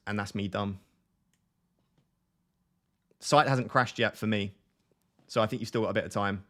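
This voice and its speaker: A man chatting excitedly on a live stream, often restarting his sentences while he clicks around. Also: fairly low pitch, moderate pace, long pauses.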